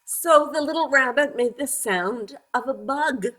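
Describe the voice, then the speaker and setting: A woman reading a picture book aloud to young children, gently asking them questions as she goes. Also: sits high, a little slow.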